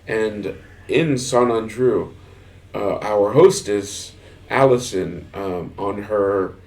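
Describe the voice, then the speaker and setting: A man from Texas co-hosting a podcast, talking casually and haltingly, with frequent restarts and laughs as he tells stories. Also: on the low side, a little mellow. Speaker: podcast co-host. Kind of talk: casual chat.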